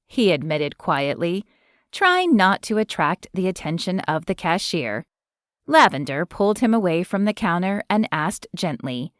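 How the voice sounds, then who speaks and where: Expressive woman audiobook narrator. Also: on the low side, a little slow, dry recording, studio quality. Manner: expressive, even storytelling.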